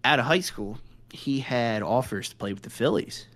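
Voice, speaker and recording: A man's voice: medium pitch, moderate pace, fairly bright tone. A man co-hosting a podcast in casual chat, telling long rambling stories full of swearing and "like". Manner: rambling, profane storytelling with frequent "like" and laughs. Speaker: podcast co-host.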